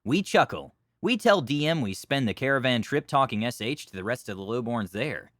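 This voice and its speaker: A man narrating a tabletop game story with wry, deadpan humor. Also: medium pitch, moderate pace, no echo, studio quality.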